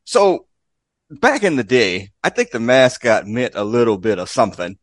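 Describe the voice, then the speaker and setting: A man's voice: mid-range voice, very animated, moderate pace, no room sound. A man hosting a casual podcast chat, rambling loosely with lots of fillers. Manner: laid-back, rambling, with frequent fillers and laughs. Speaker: podcast host.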